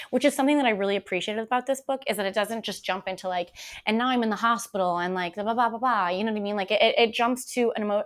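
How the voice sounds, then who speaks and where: A woman chats about a book series she loves, and her feelings spill into the talk. She stumbles and repeats words, and she addresses her listeners directly. Her pitch sits in an ordinary middle range. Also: a bit bright. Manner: gushing, emotional, repeats herself. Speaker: podcast host. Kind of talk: casual book review chat.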